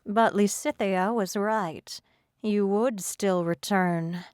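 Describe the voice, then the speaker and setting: A woman voicing a sinister, predatory mermaid with a rolling accent, speaking slowly and with a purring menace. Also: medium pitch, darkish tone, clean tone, no echo, studio quality, close to an everyday voice. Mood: menacing. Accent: rolling foreign-sounding lilt.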